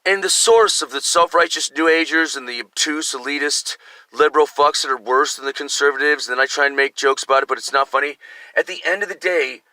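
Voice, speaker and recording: A man's voice: fairly high pitch, brisk, pushed and bright, dry recording. An older man delivering an agitated, profane, rambling monologue to camera. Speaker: vlogger. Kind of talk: ranting monologue.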